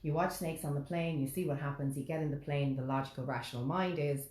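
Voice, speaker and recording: A woman in casual chat as co-host, talking in a calm, measured, reflective way. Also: sits low. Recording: echoey room.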